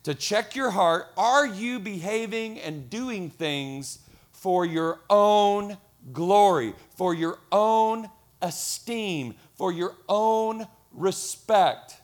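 A middle-aged man preaching a lively sermon, acting out quoted voices. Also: high-pitched, extremely slow. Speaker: pastor.

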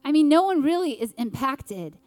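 A woman preaching an earnest sermon with dramatic pauses. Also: sits high, big pitch swings, darkish tone, no room sound.

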